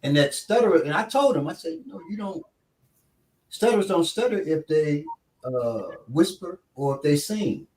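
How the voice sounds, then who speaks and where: Animated storytelling man, roomy sound. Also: normal speed, distant mic. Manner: animated, acts out quotes with big pitch jumps. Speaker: show instructor telling a story. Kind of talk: casual storytelling. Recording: echoey room, voice off-mic.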